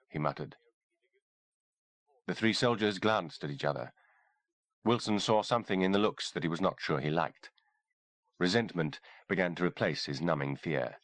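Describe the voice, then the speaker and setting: Expressive low-voiced male audiobook narrator. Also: moderate pace, dry recording. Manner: dramatic, expressive reading. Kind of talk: scripted horror audiobook narration.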